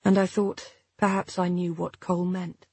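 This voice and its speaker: A woman narrating a first-person novel, reading at a measured pace and voicing the dialogue. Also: lowish voice, flat delivery, darkish tone, slightly rough, no echo. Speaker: audiobook narrator.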